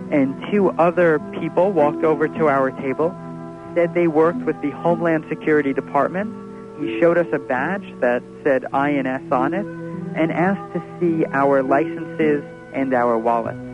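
A man giving spoken testimony, recounting in measured detail how he was held during a police raid. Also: a little high, lo-fi sound, over music.

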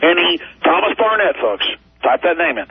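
A man hosting a talk radio show, telling a story in a fiery, impassioned way with stammering restarts and a gravelly, raspy voice. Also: fairly high pitch, very animated, moderate pace, faint music behind. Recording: tinny phone-like radio audio.

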